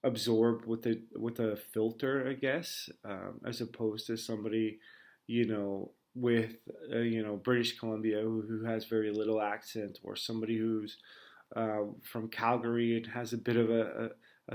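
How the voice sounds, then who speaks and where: A man from the United States, in his thirties, talking through a personal reflection with many pauses, fillers and restarts. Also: fairly low pitch, vocal fry, a little mellow.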